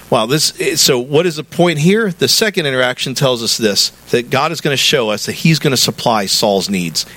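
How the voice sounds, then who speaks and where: A middle-aged man from the American South, a pastor preaching a conversational sermon in a church sanctuary, building to animated emphasis. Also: mid-range voice, no room sound.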